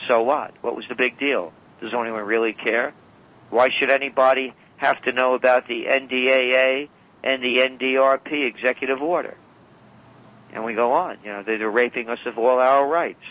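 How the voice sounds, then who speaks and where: A man's voice: mid-range voice, steady tone, normal speed, fairly bright tone, highs cut off. A man as a radio guest, telling long rambling anecdotes and often correcting himself. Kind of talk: storytelling interview talk. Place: radio call-in or studio.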